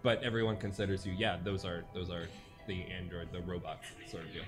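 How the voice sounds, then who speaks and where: A man acting as game master, explaining the rules in a relaxed, halting way with many fillers. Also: low-pitched, over music.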